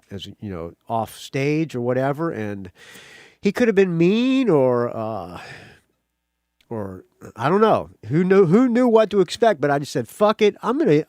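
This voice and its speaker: A man hosting a rock podcast, talking in a rambling, excitable way with a slight country accent and swearing freely. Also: medium pitch, no echo, studio quality. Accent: slight American country accent. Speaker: podcast host. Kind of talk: casual solo intro.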